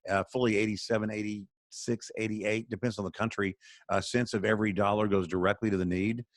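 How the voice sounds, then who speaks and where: Male charity spokesman, earnest and sermon-like, lower voice, dry video-call sound. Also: little pitch movement, brisk, no echo. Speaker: charity spokesman, radio guest.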